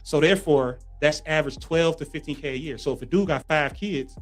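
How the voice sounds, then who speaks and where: Fast-talking earnest man debating. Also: a little high, soft background music. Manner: quick, earnest, argues with statistics. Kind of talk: panel debate.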